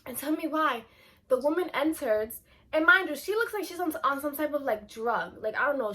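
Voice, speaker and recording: A young woman chats through a storytime vlog, her voice high and clear. She talks casually and animatedly, stacking up "like" as she goes. Her tone stays bright and forward. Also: moderate pace. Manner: chatty, animated, filler-heavy with lots of "like". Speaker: vlogger.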